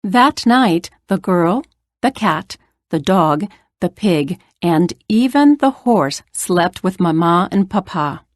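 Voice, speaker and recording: Slow, clear woman reading a children's story. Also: lowish voice, animated, dry recording, studio quality. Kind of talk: children's read-aloud narration.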